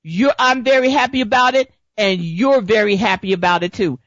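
A woman's voice: medium pitch, normal speed, no echo. A woman hosting a political talk radio show, speaking emphatically, repeating her points and firing off rhetorical questions. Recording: dull lo-fi dry recording.

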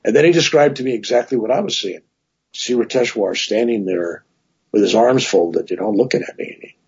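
A man's voice: lowish voice, moderate pace, husky, muffled recording. A man telling long personal stories as a guest in a casual interview, with many asides. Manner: rambling, animated anecdotes with many "right?" asides.

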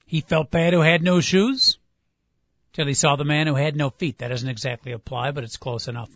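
Male sports radio host, high voice, folksy and musing, dull dry studio sound. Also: steady tone, fairly bright tone, dry recording. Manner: folksy, drawn-out musing, plugs the call-in line. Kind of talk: casual sports radio banter.

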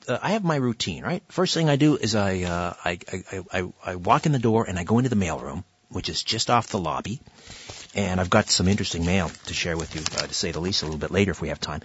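A man's voice: lowish voice, breathy edge, dry recording, muffled recording. A man hosting a radio talk show, telling a story in a chatty way with many fillers and restarts. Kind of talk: conversational radio monologue and interview. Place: radio studio.

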